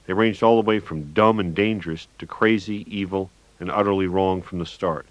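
Deep-voiced man reading a first-person audiobook. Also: steady tone, normal speed, hardly any pauses, dry recording, poor audio. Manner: wry, with bursts of manic dialogue. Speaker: audiobook narrator.

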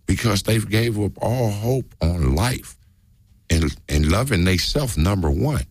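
A low, gravelly male voice with a husky edge, talking earnestly in a casual group discussion. He preaches his point and comes back to the same phrases again and again. Close and dry, with no room sound. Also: lively intonation, measured pace, dry recording. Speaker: discussion participant.

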